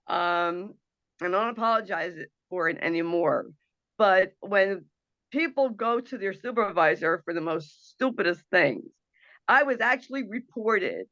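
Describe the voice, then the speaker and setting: Woman radio host, fervent and emotional, bright forceful tone, dry muffled call audio. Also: medium pitch, expressive, measured pace, no room sound. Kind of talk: impassioned monologue. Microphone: video call.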